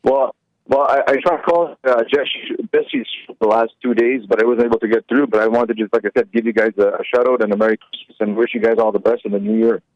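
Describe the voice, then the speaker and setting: A man with a Canadian accent calling in quickly over a muffled, choppy phone line. He is friendly and stumbles over his words. The sound is dry. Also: medium pitch, fairly even intonation, no echo. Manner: stammering, friendly. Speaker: caller. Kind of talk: phone-in chat.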